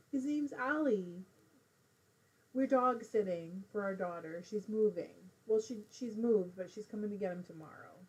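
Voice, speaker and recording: A woman's voice: medium pitch, a little slow, pauses often, darkish tone, breathy edge. A middle-aged woman hosting a casual live crafting stream from home, chatting while she knits and reading viewer comments aloud.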